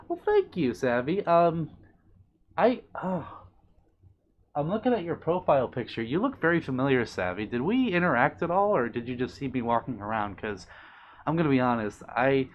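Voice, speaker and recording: A young man on a live stream, reading viewer comments aloud and answering them in a gentle, apologetic way. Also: on the high side, lo-fi sound, a little hiss or hum. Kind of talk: casual live-stream chat.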